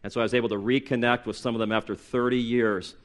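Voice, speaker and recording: A man's voice: level tone, quick pace. A man in his late forties preaching a sermon as pastor, emphatic, with sarcastic mimicked excuses and rising force on key points. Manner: emphatic, rises in pitch and volume for punchy lines.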